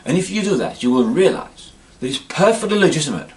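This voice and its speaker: A man's voice: fairly high pitch, sing-song, a little fast, a little mellow. A middle-aged man from England delivering a rambling, pompous comic monologue, forever adding "you see". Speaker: comedic monologue performer.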